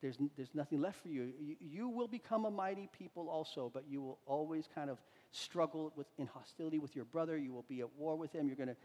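A man's voice: on the high side, quick pace, few pauses, warm tone, long reverb tail, pitched below the performer's own voice, lightly acted. A preacher voicing a weary old blind father. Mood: resigned.

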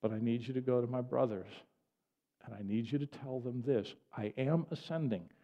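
Preacher voicing a tender compassionate teacher, quiet reassuring tone, mellow and echoey. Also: male voice, mid-range voice, normal speed, close to an everyday voice. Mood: calming. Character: gentle compassionate male spiritual teacher. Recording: dull lo-fi audio with long hall reverb.

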